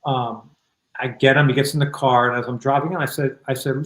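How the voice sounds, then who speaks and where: A middle-aged man telling a personal story as a guest, in a calm, reflective and candid way over a video call. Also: mid-range voice, brisk, reverberant, poor audio. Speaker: guest author. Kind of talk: conversational storytelling.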